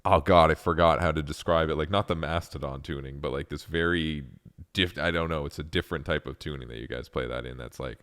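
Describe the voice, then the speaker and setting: A man's voice: very deep voice, brisk, fairly bright tone. A young adult man hosting a podcast, chatting loosely and profanely, laughing often and stumbling over words. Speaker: podcast host. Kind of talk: casual interview chat.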